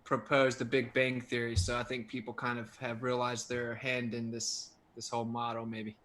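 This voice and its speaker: A man in an online debate, answering questions in a loose, casual way. His voice is bright and a little sharp. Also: mid-range voice, completely flat delivery, normal speed.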